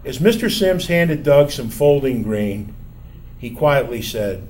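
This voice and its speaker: An older man telling a personal story from his college years in a measured, wry, self-mocking way. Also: mid-range voice, animated, darkish tone, slight background noise.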